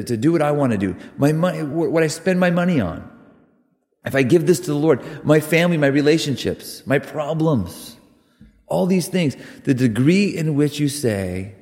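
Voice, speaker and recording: Guy preaching in a church, mid-pitched voice, earnest, gets loud on key words, lots of hall echo. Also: vocal fry. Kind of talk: sermon. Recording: long reverb of a hall.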